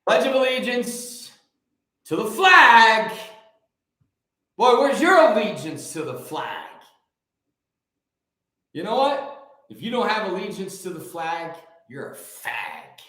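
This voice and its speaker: Preachy high-voiced man, very echoey room. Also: very animated, bright, forceful tone. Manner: emphatic and preachy, stretching key words slowly. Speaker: show host. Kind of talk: motivational monologue.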